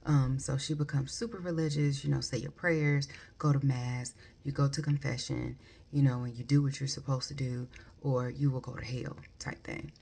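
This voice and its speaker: A woman's voice: very deep voice, fairly even intonation, moderate pace, vocal fry, warm tone, husky. A woman giving a casual, rambling book review full of ums and likes. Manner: rambling, many ums and likes, self-correcting.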